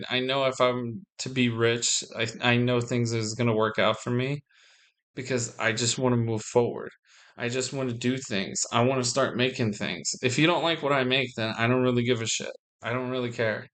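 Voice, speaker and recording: A man's voice: mid-range voice, fairly bright tone. A young man talking to his viewers in a rambling, casual monologue, full of restarts and the odd swear word. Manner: meandering, frequent restarts and swearing. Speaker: vlogger.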